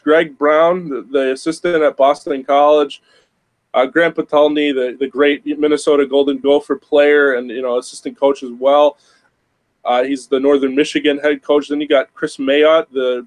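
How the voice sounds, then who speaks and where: A man's voice: on the high side, poor audio. A man hosting a sports podcast, talking emphatically and repeating words for stress. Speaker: podcast host. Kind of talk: casual sports podcast talk.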